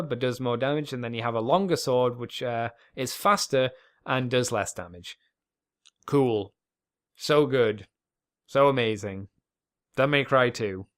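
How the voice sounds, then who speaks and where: A man's voice: mid-range voice, normal speed, a bit bright. A man hosting a podcast alone, rambling casually with plenty of swearing and self-deprecating asides. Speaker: podcast host.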